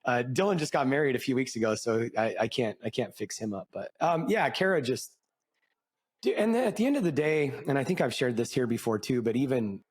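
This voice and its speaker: A man's voice: mid-range voice, lively intonation, a little fast, husky. A middle-aged man co-hosting a podcast, talking casually and reflectively in a rambling way, with the odd swear word. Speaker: podcast co-host. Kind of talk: casual chat.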